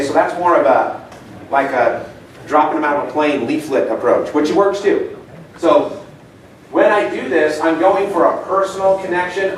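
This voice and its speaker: A slightly high-voiced middle-aged man, with a bit of background noise, gives a seminar talk in a meeting room. He tells stories casually and asks his audience questions. The distant mic picks up lots of room echo.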